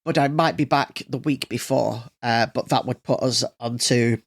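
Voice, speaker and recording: A man's voice: mid-range voice, normal speed. A man hosting a solo podcast, chatting casually and rambling with plenty of fillers and restarts. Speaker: podcast host.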